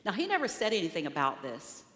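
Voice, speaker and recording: A woman in her sixties giving a sermon as guest speaker in a church sanctuary, telling a personal story in an expressive storytelling way. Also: lowish voice, fast. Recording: long reverberant hall.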